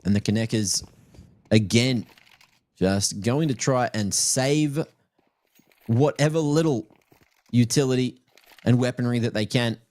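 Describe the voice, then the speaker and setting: A man's voice: medium pitch, measured pace, pauses often, darkish tone. A man casting a live esports match with play-by-play and playful, teasing asides. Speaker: esports caster.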